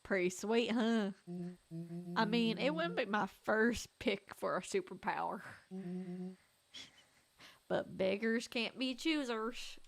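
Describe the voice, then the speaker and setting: A woman's voice: a little high, lively intonation, slow pace, creaky, long pauses, full character voice. A woman doing a goofy grown-up boy, cheerful drawl. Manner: playful, drawling, trying for a twang.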